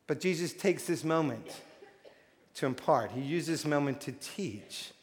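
A man's voice: on the high side, expressive, a little slow. A man preaching a sermon as a pastor, telling stories animatedly with frequent restarts. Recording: long hall reverb.

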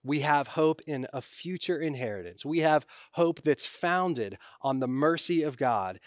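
A man preaching a sermon, earnest, rising in force on key lines and then dropping to a hush. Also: fairly high pitch, no echo, clean studio sound. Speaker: pastor.

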